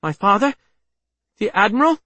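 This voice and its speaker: A man's voice: fairly even intonation, a little fast, dry recording, lightly acted. A man voicing a young female starship commander who keeps her voice tense and close to catching. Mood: anxious. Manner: raised pitch, tense, voice nearly catching. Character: Nathal, young female starship commander, anxious but steely.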